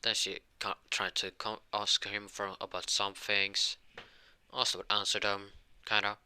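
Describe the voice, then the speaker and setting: A man's voice: on the low side, level tone, a little slow, bright, forceful tone, smooth. A young man improvising a fan-fiction story aloud, rambling with many restarts and self-corrections.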